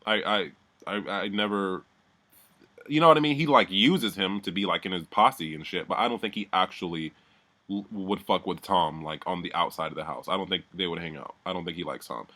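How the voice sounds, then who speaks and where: A man's voice: deep voice, fairly quick, sharp tone. A man giving a heated, profane recap of a reality show, talking animatedly and mimicking the people he describes. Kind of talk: heated casual recap rant.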